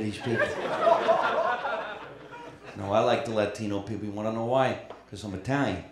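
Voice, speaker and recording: Brash East Coast stand-up comic, roomy club. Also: male voice, fairly low pitch, steady tone, moderate pace, long pauses, background noise. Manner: brash, profane crowd work. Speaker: stand-up comedian. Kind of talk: stand-up comedy set. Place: comedy club stage. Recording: roomy live club sound. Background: crowd laughter.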